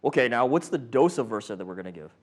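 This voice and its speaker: Quick-paced and medium-pitched, a male instructor jokes his way through a paramedic training session. He tests the room with questions and puts on animated voices for patients and monitors.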